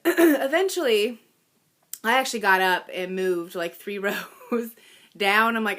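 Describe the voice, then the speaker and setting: A woman's voice: medium pitch, lively intonation, measured pace, fairly bright tone. A woman in her thirties telling a personal story in a chatty, self-deprecating way, with little laughs and fillers. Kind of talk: personal story told casually.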